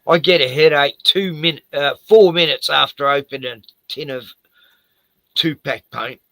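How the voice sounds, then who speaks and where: Gravelly older man. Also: a little high, normal speed, sharp tone, no room sound, poor audio. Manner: rambling and profane, full of "you know". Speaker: retired house painter. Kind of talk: casual chat.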